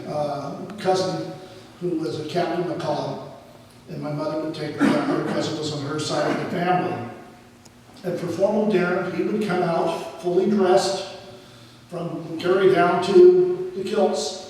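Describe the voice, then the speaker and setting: A high-pitched Southern man, heard from across a big echoing lodge hall, gives a slow, folksy, rambling talk full of little fillers. The long reverb keeps his words hanging in the room. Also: darkish tone. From American South. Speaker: speaker at a Masonic lodge dinner. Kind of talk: speech and sung poem recital. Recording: roomy hall, voice from far off.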